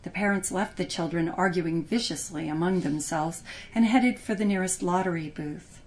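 A woman narrating a story in an expressive, lively reading style. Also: lowish voice, moderate pace. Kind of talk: audiobook narration.

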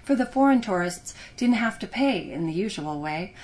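Woman storyteller, audiobook read, lively and expressive. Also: mid-range voice, normal speed. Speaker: narrator. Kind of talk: audiobook narration.

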